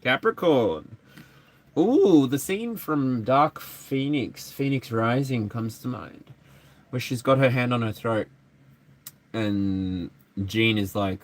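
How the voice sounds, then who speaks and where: A man's voice: mid-range voice, takes it slowly. A man giving a live tarot energy reading, chatty and playful. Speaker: tarot reader.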